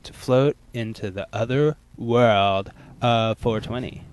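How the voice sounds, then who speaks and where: A man on a comedy panel, giving absurd answers in a deadpan way. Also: medium pitch, takes it slowly, smooth. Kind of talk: comedic improv chat.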